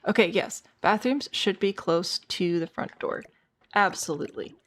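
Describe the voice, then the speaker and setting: A tired woman with a hoarse voice, chatting casually to her viewers as a streamer while she plays a game and thinks aloud. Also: lowish voice, unhurried, a little hiss or hum. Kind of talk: casual gameplay chat.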